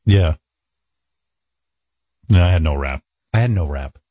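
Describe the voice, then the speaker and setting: A man's voice: low-pitched, expressive, unhurried, warm tone, breathy edge, dry recording. A man telling stories from his own life in a casual, self-mocking way, acting out other people's lines. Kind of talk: casual storytelling chat.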